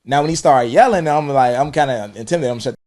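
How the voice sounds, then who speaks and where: A man's voice: medium pitch, fast. A man who used to teach, chatting casually and acting out stories on a podcast. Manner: relaxed, storytelling, acts out yelling. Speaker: former teacher.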